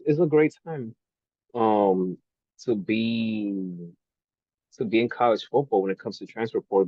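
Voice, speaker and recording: A man's voice: lowish voice, darkish tone, no room sound. A man co-hosting a sports talk show, chatting in an easygoing, conversational way. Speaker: podcast co-host. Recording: dull, dry lo-fi audio.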